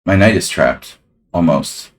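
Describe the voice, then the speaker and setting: A man's voice: sits low, expressive, measured pace. A man casually commenting on his own chess game on a live stream, rambling and talking to his chat.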